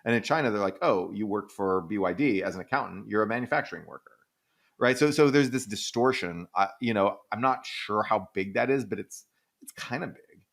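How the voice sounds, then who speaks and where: A man's voice: lowish voice, fairly quick, vocal fry. Man explaining economics with many restarts. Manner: thinks aloud with many restarts and fillers; animated, breaks into silly quoted voices. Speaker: economics podcast host. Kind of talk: casual explanatory chat.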